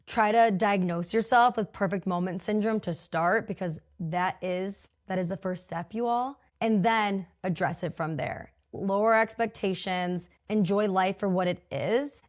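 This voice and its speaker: A young adult woman talking casually on her own podcast, chatty and full of "like", acting out her own inner voice. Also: medium pitch. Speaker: podcast host. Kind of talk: casual solo podcast talk.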